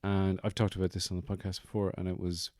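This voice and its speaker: Low-voiced, joking male podcast host. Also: level tone, quick pace, a little mellow, dry recording, clean studio sound. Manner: playful, joking asides. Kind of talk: casual chat. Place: bedroom.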